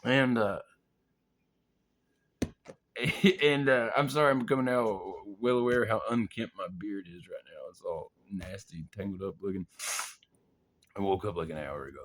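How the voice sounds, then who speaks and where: A man's voice: fairly low pitch, normal speed, pauses often, a bit bright. A young man casually telling a wild story from his army days, laughing, swearing and acting out his own panicked thoughts. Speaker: vlogger.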